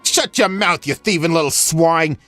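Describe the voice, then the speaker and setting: A man's voice: fairly high pitch, normal speed, pushed and bright, faint music behind, pitched above the performer's own voice. A man voicing a greedy, bullying merchant who barks threats. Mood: furious.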